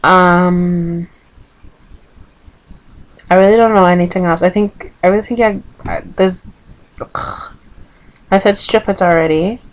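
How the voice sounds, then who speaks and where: A woman's voice: on the low side, steady tone, measured pace, pauses often, rough recording. A woman with a Vincentian accent chatting casually in a vlog, hesitant, with many ums, on a computer microphone. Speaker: vlogger. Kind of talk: casual accent tag video.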